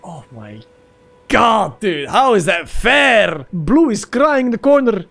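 A young man commentating his own gameplay casually, excitable and crude, with sudden yelps and laughs. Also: high voice, slow pace, creaky. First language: Dutch. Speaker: streamer. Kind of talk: casual let's-play commentary.

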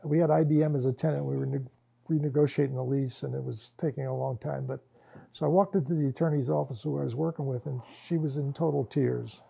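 At a workshop, a man tells stories to a small group in a casual, animated way, laughing often and acting out the lines he quotes. His mid-range voice is gravelly and husky, and he talks fast.

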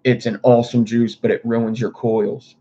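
A man's voice: medium pitch, little pitch movement, normal speed, dark tone. A male streamer chatting casually to viewers in a rambling, profane way. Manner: rambling, loose, profane talk. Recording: dull lo-fi stream audio.

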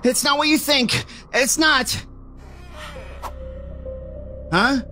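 A man's voice: extremely high pitch, drawn-out words, sharp tone, faint music behind, exaggerated voice. A man voicing an anxious young male crewmate in a cartoon who panics and gets bewildered. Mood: panicked. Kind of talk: cartoon voice acting.

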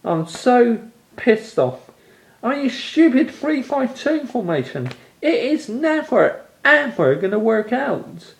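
A man's voice: very high-pitched, sing-song, takes it slowly, vocal fry. A young man from England ranting angrily about his football team's loss, swearing and exasperated. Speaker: football fan vlogger. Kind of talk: angry fan rant to camera.

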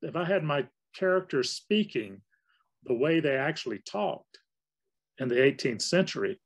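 A man's voice: fairly high pitch, lively intonation, normal speed, poor audio. A man who is a novelist, giving a conversational workshop lecture on writing in a loose, rambling way. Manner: conversational, loose, with fillers and restarts. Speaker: guest speaker, novelist.

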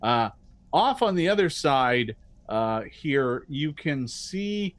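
Guy game master narrating, lots of um and uh, bouncy pitch. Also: big pitch swings. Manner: halting, fills pauses with um and uh.

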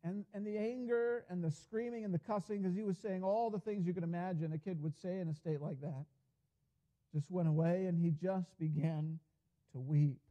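A man's voice: high voice, normal speed, mellow, dull audio. A man pastor preaching a sermon in a church, telling a story in an earnest way, often starting with "and, uh". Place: church sanctuary.

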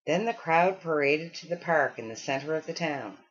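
Woman reading a picture book, husky voice, lively expressive delivery, dull lo-fi recording. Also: sits low, normal speed. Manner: expressive storytelling with acted character lines. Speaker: storybook reader.

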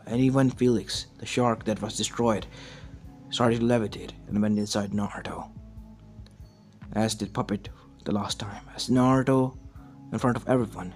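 Brief: plain, run-on male storyteller, mid voice, soft music underneath. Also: medium pitch. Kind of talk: fan story narration.

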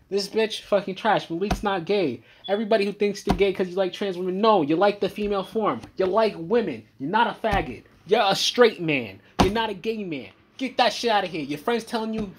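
A man giving a profane reaction rant, heated and swinging between loud outbursts and low muttering. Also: a little hiss or hum. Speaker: commentator.

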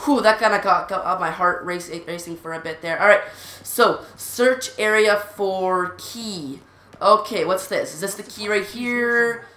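A woman hosting a gaming channel, giving live gameplay commentary in an excitable way, repeating urgent exclamations and often stammering. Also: mid-range voice, measured pace, echoey room.

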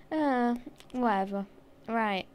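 A woman's voice: a little high, clean tone. A young woman hosting a casual gaming chat, teasing her friend and giggling a lot. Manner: teasing, giggly, breaks into laughter often. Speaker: gaming channel host.

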